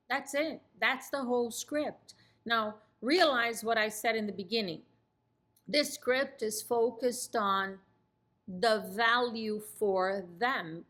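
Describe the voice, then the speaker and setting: A woman with a fairly high, pushed, bright voice coaches real estate agents. She walks them through a phone sales script, acting out its lines in an assertive tone that drops downward.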